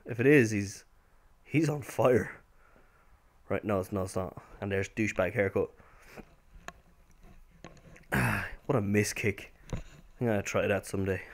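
A young man giving casual, rambling commentary over a football video game, with sudden excited outbursts. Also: on the low side. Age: young adult. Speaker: gameplay commentator.

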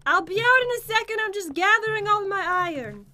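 A woman's voice: extremely high pitch, lively intonation, a little fast, sharp tone. A woman co-hosting a game video, teasing and giggling with her partner. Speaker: gaming channel co-host. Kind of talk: playful let's-play banter.

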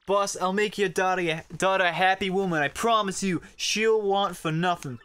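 A man's voice: high voice, moderate pace, fairly bright tone, smooth. Guy reading a sorry mob lackey, earnest, begging the boss. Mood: pleading. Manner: earnest, apologetic. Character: loyal young mafia henchman, pleading.

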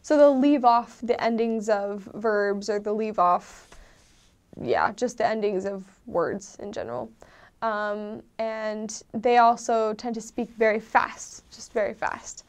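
A woman's voice: a little high, steady tone, slow, clear, resonant tone. A woman in a casual, meandering chat who explains things with many ums and loose asides. She is an outsider to the country she describes. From not from Norway. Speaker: vlogger explaining dialects.

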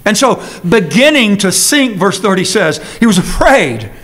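A man preaching a sermon as a pastor, earnest, moving between quick asides and slow, emphatic phrases. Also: high-pitched, big pitch swings, a bit bright. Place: church sanctuary.

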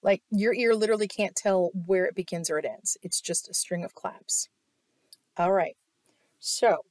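A woman with a mid-range, darkish voice walks through an online music theory lesson step by step in an explanatory way. She keeps asking "right?" and claps to show the ideas. The recording is dry.

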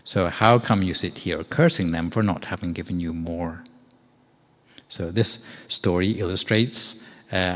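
A man, a monk, giving a Dhamma talk in a meditation hall, telling a story in a measured, gentle way with a few fillers. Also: low-pitched. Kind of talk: storytelling sermon.

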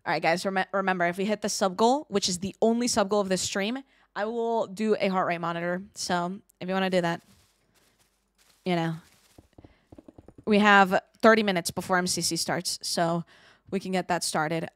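A woman streaming a game live, chatting with her viewers in an excitable, giggly way. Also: medium pitch, normal speed, dry recording, clean studio sound. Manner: excitable, giggly, talks to chat.

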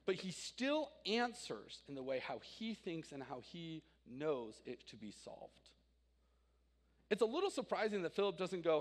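A man in his thirties preaching a sermon, telling personal stories with animated swings from loud to quiet. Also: fairly high pitch, a little slow. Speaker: pastor. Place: church sanctuary. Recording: reverberant church hall.

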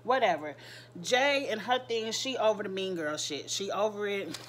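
A woman's voice: mid-range voice, a bit bright. Brief: woman vlogger, AAVE, candid and gossipy, crude slang, faint noise behind. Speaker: reality TV recap vlogger. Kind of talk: casual recap commentary.

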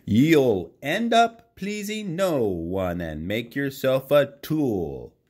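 A man reads a children's storybook aloud at an unhurried pace. His pitch swings widely as he tells it. He stops to ask the child questions about the pictures. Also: husky. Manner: slow, lively read-aloud, voices for the characters, chats with the child. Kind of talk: reading a picture book aloud.

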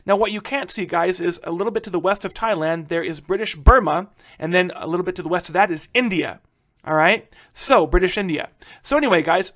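High-voiced, energetic man lecturing. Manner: energetic, addresses students as "guys", frequent "all right?" check-ins. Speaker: history teacher. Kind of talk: recorded classroom lecture.

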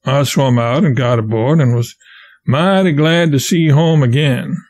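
A man narrating an audiobook of a classic novel in a steady, plain storytelling way. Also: mid-range voice, a little slow.

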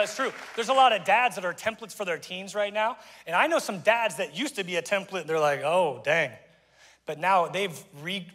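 A middle-aged male pastor with a high, bright voice preaches in an informal, joking way and keeps tossing remarks to his congregation. His voice rings out with a long reverb from a church hall. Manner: conversational, joking asides to the congregation. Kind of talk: sermon. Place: church auditorium.

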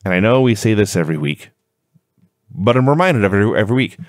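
A man's voice: on the low side, animated, quick pace, no room sound. Dry, sarcastic male podcast co-host. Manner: dry, sarcastic play-by-play recap. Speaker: wrestling review podcast co-host. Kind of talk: casual chat, recapping.

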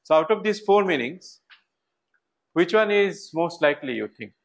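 A man's voice: on the high side, lively intonation, normal speed, gravelly, poor audio. A man giving a university lecture, thinking aloud with fillers and restarts. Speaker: professor.

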